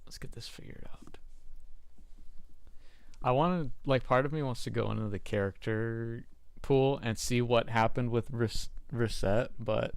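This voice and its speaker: A man's voice: mid-range voice, vocal fry, smooth, no echo. A young man streaming a game into a desk mic, rambling and restarting his phrases as he chats casually. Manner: rambling, restarts phrases often, laughs at mishaps. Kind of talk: casual gameplay commentary.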